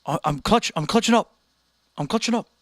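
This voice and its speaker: A man's voice: sits high, animated, a little fast, no room sound, clean studio sound, voice pushed up. A man voicing a boastful Australian teenage boy, attempting an Australian accent and repeating his brags. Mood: cocky. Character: cocky Australian teen boy chess player.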